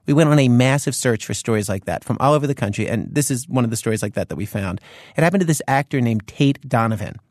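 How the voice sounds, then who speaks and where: A man's voice: medium pitch, expressive, quick pace, darkish tone, no room sound, studio quality. A man hosting a radio show, introducing stories in a conversational, chatty way.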